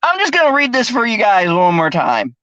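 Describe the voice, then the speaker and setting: A man's voice: high voice, huge pitch swings, fairly quick, bright, forceful tone, no room sound. A man hosting a casual podcast chat, laughing often and cursing freely. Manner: laughs often, loose and profane. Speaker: host. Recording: dull, dry lo-fi recording.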